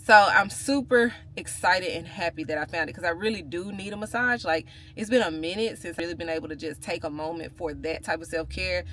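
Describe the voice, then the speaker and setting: A woman's voice: fairly low pitch, a little fast, few pauses, a bit bright, slight background noise. Chatty woman vlogging. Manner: chatty, playful, full of slang, talks straight to her viewers. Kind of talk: casual vlog chat to camera.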